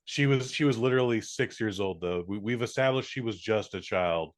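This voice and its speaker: A man from the United States co-hosting a podcast in easygoing casual chat, hesitant, with many fillers. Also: lowish voice. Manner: easygoing, hesitant, lots of fillers and quick reactions. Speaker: podcast co-host.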